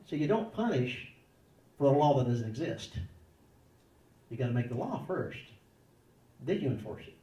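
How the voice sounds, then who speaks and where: A man's voice: mid-range voice, sing-song, moderate pace, pauses often, warm tone, echoey room, distant mic, rough recording. A man answering parenting questions in a conversational way, acting out little dialogues in changing voices. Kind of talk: conversational advice talk.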